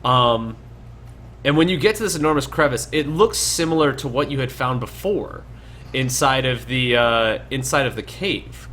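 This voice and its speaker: A young man narrates a tabletop game as dungeon master in a laid-back, rambling way, leaning heavily on fillers. His medium-pitched voice is a bit bright and moves at a moderate pace, with slight background noise.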